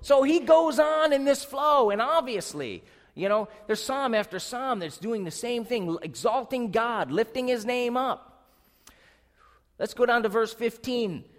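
A man's voice: very high-pitched, lively intonation, unhurried, long reverb tail. A man preaching a sermon in an emphatic, exclaiming way, often asking his listeners questions.

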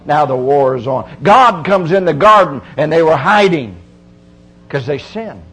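High-voiced man preaching a folksy sermon. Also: animated, a little slow, fairly bright tone, slightly rough, poor audio. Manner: folksy, emphatic preaching with repeated phrases.

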